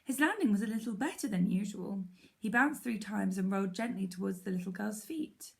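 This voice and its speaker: A woman teacher reads a children's storybook aloud, clear and even, in a storytelling manner. Her mid-pitched voice carries a gravelly, creaky edge. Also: a little fast.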